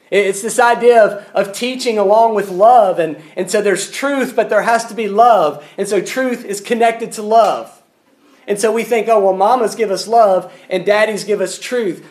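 A male preacher with a notably high voice delivers a sermon. He speaks earnestly and often pleads with his listeners, repeating words as he starts each thought.

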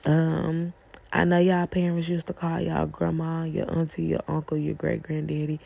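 A woman's voice: deep voice, monotone, moderate pace, vocal fry, mellow. A woman hosting a faith-based parenting talk, earnest and pleading, asking rhetorical questions. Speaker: podcast host.

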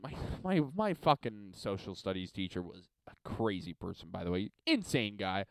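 A young man from Montreal hosting a podcast alone, ranting and swearing, swinging between loud and quiet. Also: on the low side, animated, normal speed, few pauses, no echo. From Montreal, Canada. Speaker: podcast host. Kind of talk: solo podcast rant.

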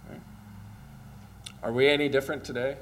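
A male pastor delivers his sermon like a chat with his congregation. His voice sits in an ordinary middle pitch. He keeps checking in with a quick "right?" and lets small chuckles slip in. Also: flat delivery, slight background noise. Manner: casual, asks "right?" often, chuckles. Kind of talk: conversational sermon.

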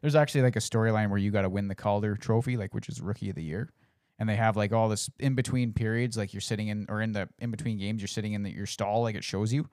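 A man's voice: on the low side, quick pace, no room sound, clean studio sound. A man telling a video game story in casual podcast chat, swearing often and acting out his reactions. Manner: swears a lot, animated storytelling.

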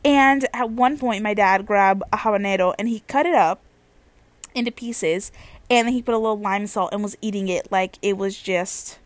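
A young woman telling a casual story as a vlogger, animated and slangy, swearing freely. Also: medium pitch, normal speed, no echo.

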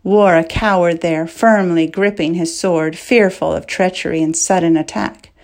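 A woman narrating a fantasy audiobook chapter with measured, dramatic storytelling. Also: fairly low pitch, fairly even intonation, darkish tone. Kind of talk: scripted narration.

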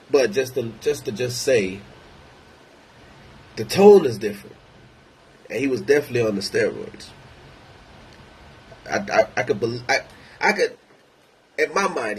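A man's voice: medium pitch, a bit bright, slight background noise, poor audio. A man ranting in a casual monologue, rambling, blunt and heavy on profanity. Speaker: vlogger.

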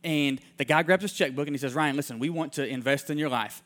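A man delivering a sermon as a rapid-fire story, his voice sitting a little high for a man. He acts out the people in his tale with lively voices and lets his voice fall to a hush when the story turns heartfelt. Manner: animated storyteller who acts out the people he quotes; drops to soft, hushed tones in heartfelt moments.

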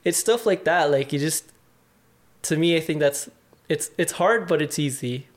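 With a fairly high pitch and moderate pace, a young man chats candidly on a podcast as a guest. He's reflective and easygoing, leaning on filler words and swearing now and then.

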